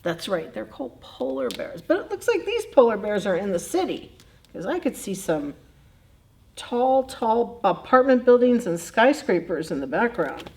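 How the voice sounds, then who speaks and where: A woman's voice: on the high side, very animated, normal speed, creaky. A woman, a children's librarian, reading picture books at library story time and chatting animatedly with the children, often laughing. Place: public library.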